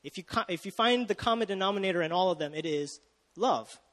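A man's voice: high voice, animated, quick pace, fairly bright tone, in a large hall. A young man preaching a sermon in a casual, chatty way, often asking the audience questions and restarting his sentences.

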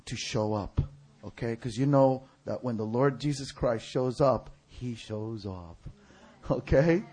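Animated storytelling preacher, man. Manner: animated, shouts out other people's lines in a high voice. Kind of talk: storytelling sermon.

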